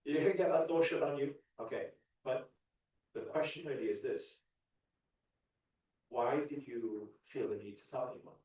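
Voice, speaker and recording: A man in his thirties leads a motivational talk in a large hall and keeps asking the audience questions. His voice booms back in a very echoey space. He stands well away from the microphone. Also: normal speed, long pauses, a little mellow, lo-fi sound. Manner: questions the crowd, repeats lines for emphasis. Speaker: spiritual teacher. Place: large hall at a live event. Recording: echoey hall, speaker far from mic.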